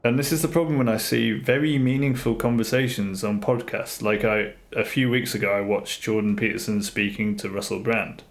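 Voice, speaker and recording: A man's voice: fairly low pitch, steady tone, normal speed, hardly any pauses. A man streaming live who talks casually and earnestly, rambling and repeating himself as he works through his ideas. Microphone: streaming mic, face off camera.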